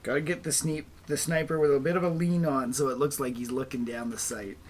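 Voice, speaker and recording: A man chatting casually to his stream while assembling miniatures, talking to himself in a chatty, self-mocking way and now and then slipping into high sing-song baby talk. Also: steady tone, fairly quick, a little hiss or hum. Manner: chatty, self-deprecating, talks to himself as he works. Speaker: hobby streamer.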